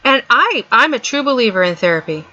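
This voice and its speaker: A woman's voice: on the high side, big pitch swings, a little fast, bright, forceful tone. A middle-aged woman vlogger giving an earnest, emphatic motivational talk, repeating her points for stress. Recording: dull lo-fi sound.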